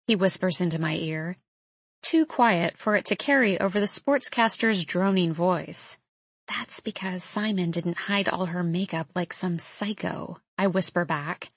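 A woman narrates a first-person audiobook from a script. Her voice is medium pitched. The recording is dry.

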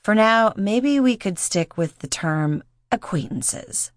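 A woman's voice: mid-range voice, expressive, slow, no echo, studio quality. A woman reading an audiobook, voicing a nervous, guarded young woman with a hesitant, anxious manner. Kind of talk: audiobook character voice.

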